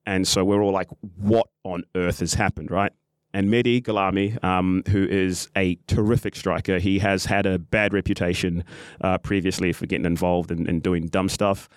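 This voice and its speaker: A man's voice: low-pitched, normal speed, smooth, no room sound. A man hosting a podcast, telling a story in casual chat, full of ums and restarts and acting out what people said. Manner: animated, acts out quotes, many ums and restarts. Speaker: podcast host and football club official.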